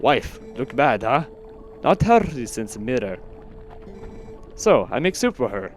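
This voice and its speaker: A caring male yeti from a video game speaks in slow, simple broken English, voiced by a man. His talk is plain and unhurried, with brief questioning tags. Soft game music hums faintly in the background. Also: medium pitch, big pitch swings.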